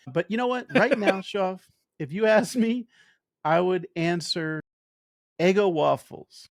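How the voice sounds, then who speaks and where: Lively high-voiced gravelly man. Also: measured pace, no room sound, studio quality. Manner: excitable, playful, jumps high in pitch when animated. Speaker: podcast co-host. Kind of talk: casual chat.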